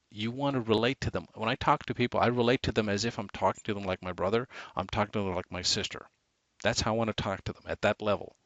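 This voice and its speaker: A man giving a motivational sales training talk, animated, shifting his inflection and speed for emphasis. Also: fairly low pitch, dry recording. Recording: dull lo-fi dry recording.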